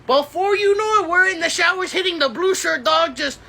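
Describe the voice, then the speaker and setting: Very high, bright, loud slangy woman. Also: fairly quick, creaky. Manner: loud, slangy, streetwise banter. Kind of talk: comedic skit acting.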